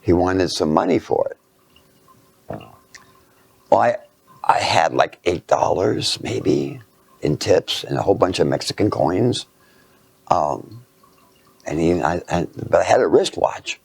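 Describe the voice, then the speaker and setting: A man lecturing through a personal anecdote, halting and self-mocking, dropping into hushed asides. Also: sits low, animated, gravelly, husky.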